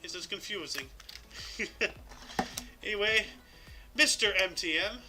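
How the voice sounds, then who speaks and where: A man's voice: high-pitched, a little slow, noisy background. A man hosting a casual group chat, reading out history dates and rambling with lots of fillers. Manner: rambling, filler-heavy, chuckling. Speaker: podcast host.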